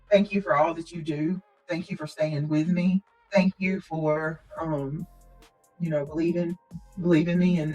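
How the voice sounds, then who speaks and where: Woman livestreamer clearing her throat often. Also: on the low side, low-quality recording. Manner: earnest, prayerful, speaks straight to viewers. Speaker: livestream host. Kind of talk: casual livestream chat.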